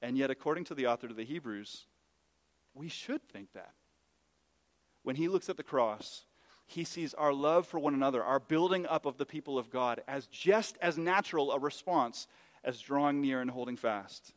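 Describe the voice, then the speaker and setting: A man preaching a sermon as pastor, impassioned, swinging from quiet explanation to loud exhortation and acting out the voices he quotes. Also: medium pitch, moderate pace, in a large hall.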